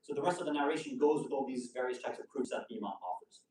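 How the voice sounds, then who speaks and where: A man's voice: mid-range voice, racing, a little mellow, slight background noise. A man giving a conversational storytelling sermon with casual asides. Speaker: preacher giving a majlis lecture. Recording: echoey hall, voice from a distant mic.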